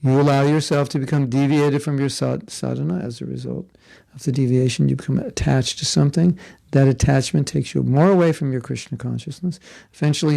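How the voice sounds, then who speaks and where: A man's voice: medium pitch, creaky, mellow. A man giving a conversational devotional class, telling a story with asides and jokes. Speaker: spiritual teacher. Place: Florida.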